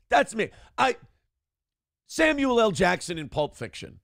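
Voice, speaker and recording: Gravelly profane man hosting a morning show. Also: sits high, measured pace, dry recording, clean studio sound. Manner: profane, animated, self-deprecating. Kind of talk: casual podcast rant and chat. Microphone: headphones and clamp-mounted desk microphone.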